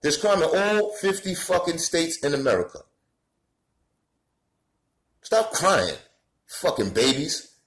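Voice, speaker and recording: A man's voice: fairly high pitch, big pitch swings, normal speed, reverberant, low-quality recording. A man from the Bronx with a New York accent, delivering a profane, heated rant to camera. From New York City, the Bronx. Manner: swearing, heated, rising to shouts. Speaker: commentator.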